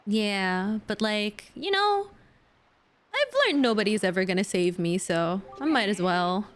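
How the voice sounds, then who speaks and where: A young woman chats on her game stream in a relaxed, teasing way, letting her answers drift out slowly. Her voice sits at an everyday middle pitch. Faint game music plays quietly underneath. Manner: laid-back, teasing, slow drawn-out replies. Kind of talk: casual chat while gaming.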